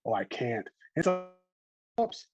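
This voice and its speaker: A man's voice: medium pitch, sing-song, slow pace, lo-fi sound, over music. A man in his thirties with a Southern US accent, teaching an online botany class in a chatty, encouraging way over a video call. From American South.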